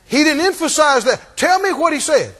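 A man preaches with a strikingly high, animated voice, hammering phrases through repetition and asking the congregation to answer back. His pitch swings widely as he presses each point. The sound carries a long reverb from a large hall. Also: moderate pace. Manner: emphatic, repetitive, call-and-response. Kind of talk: sermon.

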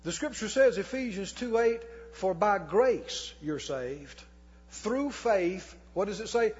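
A man preaching a sermon as pastor, reading scripture slowly and putting questions to the congregation that he answers himself. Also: sits high, lively intonation, slightly rough, soft background music. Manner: reads scripture slowly and deliberately. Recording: long hall reverb, dull lo-fi sound.

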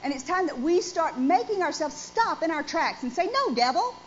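Her very high-pitched voice animated and at a normal speed, a woman pastor in her forties preaches emphatically in church, putting questions to the congregation. Sound quality is dull and lo-fi, carrying faint noise.

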